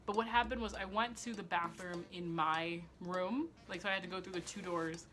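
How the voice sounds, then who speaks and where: A young woman chats through a storytime video. Her voice has a bright, forward edge. She talks with lots of filler "like" and swears freely. She often mocks herself as she goes. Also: lowish voice, fairly even intonation, moderate pace, slight background noise. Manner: chatty and profane, heavy use of "like"; self-mocking, laughing at herself. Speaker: vlogger. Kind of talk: casual storytime.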